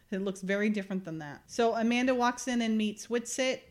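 A woman's voice: on the high side, normal speed. A woman co-hosting a casual chat, retelling a TV episode in a chatty, storytelling way with lots of filler words. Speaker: podcast co-host recapping a TV episode.

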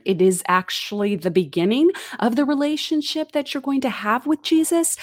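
A woman's voice: a little high, darkish tone, no echo, studio quality. A middle-aged woman giving a conversational, earnest Bible teaching with casual asides.

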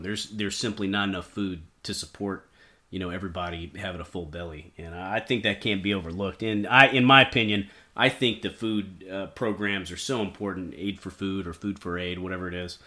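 A man's voice: low-pitched, fairly even intonation, normal speed, pushed and bright. A man hosting a podcast, asking questions in casual chat and giving opinions in a laid-back way. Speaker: podcast host.

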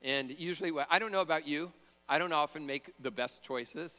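A man's voice: fairly high pitch, brisk, bright, forceful tone, long reverb tail. A man preaching a sermon as pastor, conversational, with joking asides and frequent fillers and restarts.

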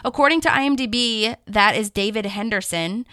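A woman's voice: normal speed, dry recording. A woman co-hosting a podcast, chatting casually through an episode recap and animatedly acting out the quotes she retells. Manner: animated, acts out quotes with big pitch swings. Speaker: podcast co-host.

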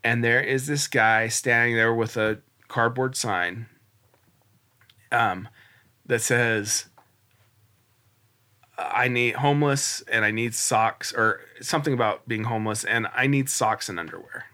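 A man in his forties talks as a podcast guest, with a bright, clear-edged tone. He tells his story earnestly and loosely. He keeps restarting sentences and leans on little fillers. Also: medium pitch, measured pace, pauses often. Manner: earnest, rambling, many restarts and "like"s. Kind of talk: casual storytelling interview.

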